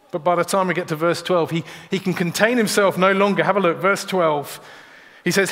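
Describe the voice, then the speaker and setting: A man's voice: high-pitched, moderate pace, a bit bright. A man preaching a sermon in a church, earnest and direct, often repeating a word as he starts a sentence. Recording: long church reverb.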